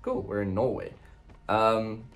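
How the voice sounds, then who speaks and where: Young guy talking over his gameplay, low gravelly voice, swears a lot. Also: slow, faint music behind. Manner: chatty, swears a lot, lots of ums. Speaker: gaming channel host. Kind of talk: casual gameplay commentary.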